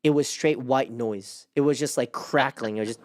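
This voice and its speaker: A young man hosting a casual chat, telling a personal story in a rambling way, with lots of "like" and sudden jumps up in pitch as he relives his panic. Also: normal speed. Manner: rambling with many restarts and "like". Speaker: host.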